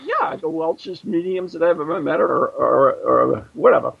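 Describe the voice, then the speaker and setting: Gravelly American man hosting a radio show. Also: a little high, animated, moderate pace, highs cut off. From United States. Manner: joking, rambling, with many fillers and restarts. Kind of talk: casual radio show chat.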